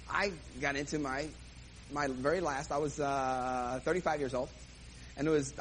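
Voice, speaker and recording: A man's voice: a little high, a bit bright, a little hiss or hum, low-quality recording. A man comedian telling a self-mocking story on stage and acting out the dialogue. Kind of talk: stand-up storytelling.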